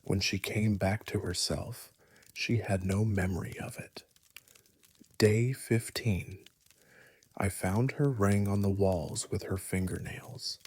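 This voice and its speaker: A man narrating a scripted first-person horror story in a hushed, often whispery delivery. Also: on the low side, takes it slowly, slightly rough, dry recording.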